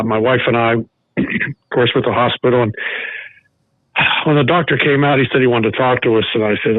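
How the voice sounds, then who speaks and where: An older man, a former baseball coach, tells a personal story as a podcast guest, halting and restarting often. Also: mid-range voice, dry recording. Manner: halting, with many restarts and fillers. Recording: narrow phone-like sound.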